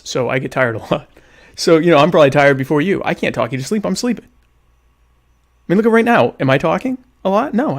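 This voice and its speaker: A man's voice: medium pitch, vocal fry. A man, hosting a casual live stream, joking and mock-indignant while he reads chat comments aloud. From United States. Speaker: podcast host.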